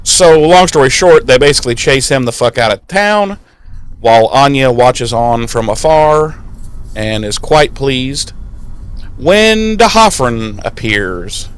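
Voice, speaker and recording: A man's voice: mid-range voice, takes it slowly, clear, resonant tone. A man co-hosting a podcast, recapping an episode in casual, profane chat and acting out the characters' lines. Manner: animated storytelling, swears freely, acts out lines. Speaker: podcast co-host.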